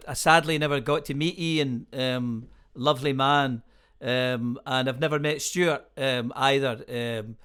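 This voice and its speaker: A man's voice: on the high side, fairly bright tone, clear, resonant tone. A man hosting an interview, chatting casually and hesitating with many ums. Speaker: podcast host.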